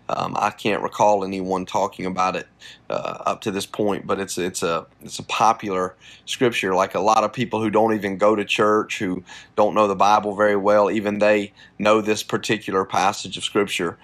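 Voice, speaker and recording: A man's voice: on the low side, fairly bright tone. A man, a pastor, giving a casual devotional talk on a podcast, earnest and encouraging, with plenty of fillers, streamed live from a phone. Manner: casual, conversational preaching with many fillers.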